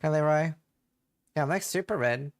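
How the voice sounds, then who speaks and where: A man's voice: on the high side, moderate pace. A man from England chatting casually with viewers on a live stream, joking around.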